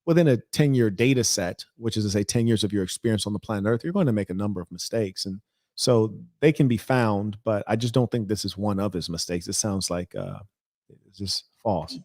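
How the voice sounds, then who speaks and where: A man's voice: lowish voice, a little fast, a little mellow, no echo, clean studio sound. A man hosting a reaction video, speaking in an indignant, rambling and emphatic way. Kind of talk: reaction commentary.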